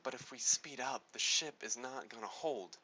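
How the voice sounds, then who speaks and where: A man voicing a grim male ship captain fleeing pirates, speaking in halting, dramatic pauses. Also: medium pitch, pushed and bright, breathy edge, pitched above the performer's own voice, low-quality recording.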